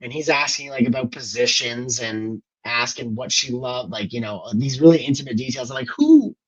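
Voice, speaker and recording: A man's voice: mid-range voice, steady tone, moderate pace, a bit bright. A man co-hosting a podcast, talking loosely and hesitantly about a film and searching for his words. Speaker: podcast co-host. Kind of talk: casual film discussion. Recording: slightly dull lo-fi audio.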